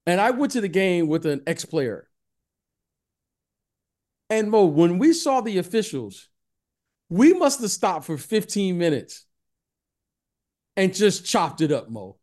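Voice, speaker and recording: Animated man telling sports stories. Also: high voice, slow pace, pauses often. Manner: animated storyteller, repeats the host's name, acts out friendly greetings. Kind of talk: casual sports chat.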